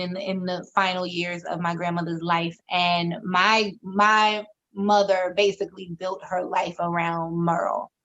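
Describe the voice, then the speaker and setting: A woman, co-hosting a podcast and telling a candid story in a frank, expressive way, swearing freely and acting out the voices she quotes. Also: lowish voice, muffled recording. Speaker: podcast co-host.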